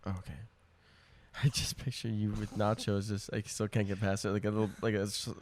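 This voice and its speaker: A man's voice: lowish voice, flat delivery, normal speed, darkish tone, a little hiss or hum. A young man co-hosting a casual podcast, teasing his friend, swearing casually and laughing often. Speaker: podcast co-host. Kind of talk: casual chat.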